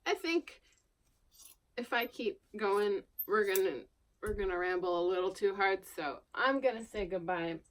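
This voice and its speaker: A woman's voice: mid-range voice, normal speed. A woman from Long Island with no accent, chatting casually and self-deprecatingly to camera while she works, often dropping to a murmur. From Long Island, New York. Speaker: vlogger. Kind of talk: rambling casual chat while working. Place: indoors at her worktable.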